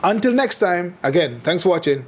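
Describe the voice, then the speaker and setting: A man's voice: high voice, sing-song, moderate pace, breathy edge. A man hosting a casual interview, asking questions, offering short supportive replies and signing off the show. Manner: brief supportive backchannels, friendly sign-off. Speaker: interviewer and channel host.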